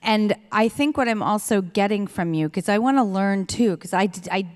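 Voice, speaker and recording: A woman's voice: medium pitch, moderate pace. A woman interviewing a guest on stage, earnest, reflective and openly enthusiastic. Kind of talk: onstage conversation. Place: live event stage. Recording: long hall reverb.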